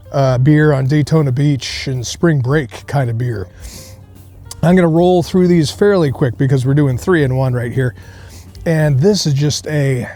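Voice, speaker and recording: In an outdoor beer garden on a cold day, a male show host reviews beer casually, rambling through jokey tasting notes with lots of fillers. His voice is mellow and on the high side.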